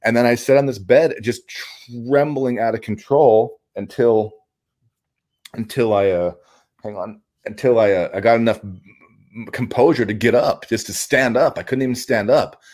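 A man telling a raw personal story as an interview guest, halting, with frequent restarts, repeated words and blunt swearing. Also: medium pitch, a little mellow. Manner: blunt and profane; raw, intense retelling.

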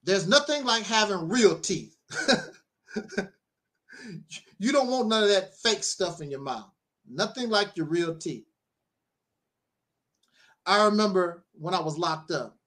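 Animated, lively-voiced storytelling man. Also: sits high, slow, pauses often. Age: middle-aged. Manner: animated storyteller, laughs often, preachy asides. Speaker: minister. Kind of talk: casual spoken monologue.

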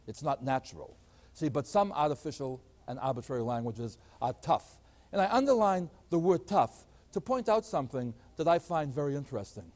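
An older man, a math professor, giving an animated lecture in a storytelling teaching manner. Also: on the high side. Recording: older recording.

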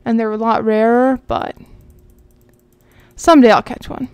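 A woman's voice: on the high side, steady tone, measured pace, darkish tone, clean tone, no echo. Chatty woman narrating gameplay. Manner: chatty, rambling, talks to viewers as she plays. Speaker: gaming channel host. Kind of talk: casual gameplay commentary.

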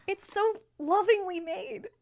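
A young woman co-hosting a let's play, giggly, excitable and quick to swear. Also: very high-pitched, vocal fry. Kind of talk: casual gameplay chat.

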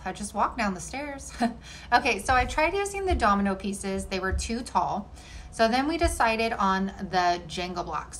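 A woman's voice: medium pitch, a bit bright, slight background noise, low-quality recording. A woman chatting through a home decor DIY tutorial in an upbeat, friendly way, often saying "y'all". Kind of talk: casual tutorial narration.

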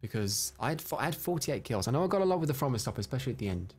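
A man giving live commentary over his own gameplay, excitable and prone to loud frustrated outbursts, chatting with his viewers between rounds. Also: mid-range voice, racing, breathy edge. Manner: chats to viewers and reads out their comments. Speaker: live streamer.

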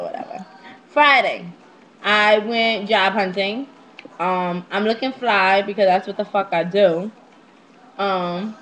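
A young woman telling a story casually to her webcam at home, brash, profane and animated as she gossips. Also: medium pitch, a little hiss or hum, low-quality recording. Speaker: vlogger.

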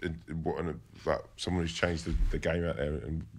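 A podcast co-host with a very deep voice. He talks fast and strings his questions together loosely, in a casual, chatty way. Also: fairly even intonation, a little hiss or hum. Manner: rambling questions, brief agreements. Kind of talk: casual chat.

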